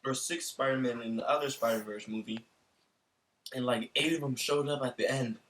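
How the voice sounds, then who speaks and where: A man's voice: mid-range voice, steady tone, moderate pace, fairly bright tone, slight background noise, rough recording. A man co-hosting a casual podcast chat, ranting and swearing in exasperation. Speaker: podcast co-host.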